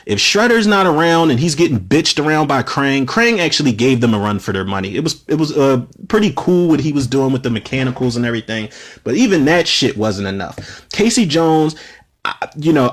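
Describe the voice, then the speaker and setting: A man in his thirties hosting a podcast, casually reviewing films in a profane, animated rant full of fillers. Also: medium pitch. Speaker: podcast host, film reviewer. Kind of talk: casual spoken film review.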